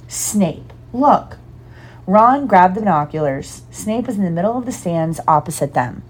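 A woman reads a storybook aloud with an animated, expressive delivery. Her voice sits slightly low. She leans into the action of each scene. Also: fairly quick, slightly rough. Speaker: reader.

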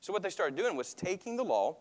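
A man preaching a sermon as pastor, animated and acting out little voices as he talks. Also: fairly quick. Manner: animated, acts out voices with big pitch jumps. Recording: long hall reverb.

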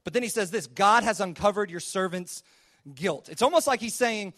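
Male preacher with a high voice, casual storyteller who acts out the quoted lines. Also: moderate pace, fairly bright tone. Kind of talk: sermon retelling a scripture story.

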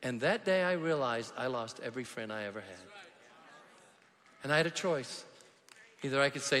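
A man preaching a sermon as a pastor, telling stories and swinging from quiet asides to shouted emphasis. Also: mid-range voice, lively intonation, normal speed, long pauses, long reverb tail. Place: large church hall.

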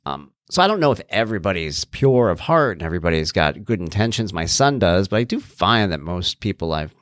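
Low-voiced man, lively podcast talk. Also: brisk, no room sound, clean studio sound. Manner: earnest, animated, thinking aloud with restarts. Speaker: podcast host and author. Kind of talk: casual solo podcast talk.

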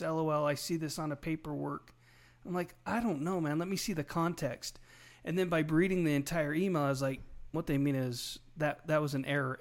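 A man hosting a podcast, chatty and telling anecdotes with a laugh. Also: on the high side. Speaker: podcast host. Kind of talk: casual chat.

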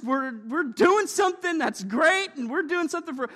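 High-voiced, lively male preacher. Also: normal speed, few pauses, long reverb tail. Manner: lively, joking, calls for amens. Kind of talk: sermon. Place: church.

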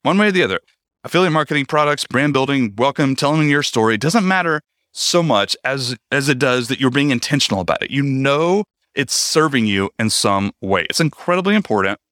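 A man coaching the viewer on online business in an emphatic, energetic way, talking straight to them with casual, slangy asides. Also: mid-range voice, a little fast, no echo, studio quality. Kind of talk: direct-to-camera teaching monologue.

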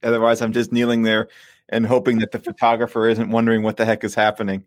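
Fast-talking young man hosting. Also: fairly low pitch, completely flat delivery, no room sound, clean studio sound. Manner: upbeat, talks fast, teasing. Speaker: host of a prayer stream. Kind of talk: casual chat.

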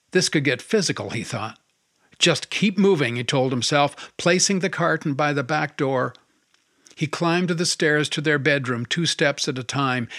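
An audiobook narrator, a man, reads a novel in a measured, even scripted narration. His pitch sits in the middle, and the clean studio recording has no room sound.

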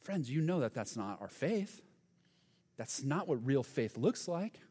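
Male pastor, sermon, emphatic, repeats words, mid pitch, reverberant hall. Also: very animated, a little slow, warm tone, slightly rough. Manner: earnest, emphatic, with stumbles and repeats.

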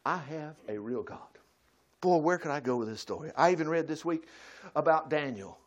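A man preaching a folksy sermon, swinging from loud bursts to quiet asides. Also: on the high side, expressive, normal speed, dull audio.

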